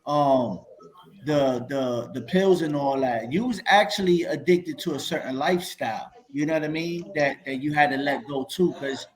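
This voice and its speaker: A man co-hosts a casual podcast in a fairly high voice. He talks heartfelt and loose, full of slang and restarts. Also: normal speed, low-quality recording. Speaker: podcast panel host. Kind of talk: casual interview talk.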